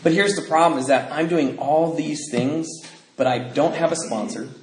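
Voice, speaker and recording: A man's voice: a little high, normal speed. A middle-aged man from the Pacific Northwest, telling his recovery story to a live audience in a joking, self-mocking way with many fillers. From Bellingham, Washington. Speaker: recovery speaker. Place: convention hall before an audience. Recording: roomy hall, noisy live recording.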